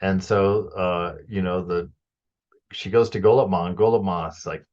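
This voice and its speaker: A man teaching and commenting on a spiritual text to a small group, conversational and animated, acting out quotes and laughing often. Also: sits low, moderate pace. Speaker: teacher reading and commenting on scripture. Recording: lo-fi dull recording.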